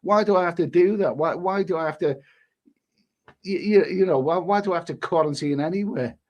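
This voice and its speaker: A man with a high voice, speaking a little fast, hosts a travel live stream and reads viewer comments aloud. This travel vlogger rambles and repeats himself, swearing mildly, with an exasperated edge.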